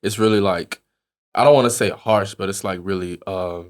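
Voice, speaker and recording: A man's voice: low-pitched, normal speed. A man, a basketball player talking easily in a casual interview. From Southern United States.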